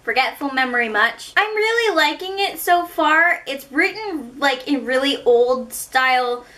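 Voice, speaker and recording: A woman's voice: high voice, animated, unhurried, bright, forceful tone. A woman from Canada with a Canadian accent, chatting through a book haul in a rambling, self-mocking way. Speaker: book vlogger. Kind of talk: casual book haul chat.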